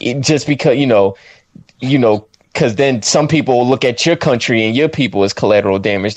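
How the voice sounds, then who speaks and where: A man co-hosting a podcast, chatting casually about a film with slang and quick quoted asides. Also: no room sound. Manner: animated, swoops up high when quoting himself, slangy. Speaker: podcast co-host reviewing a film. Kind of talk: casual chat.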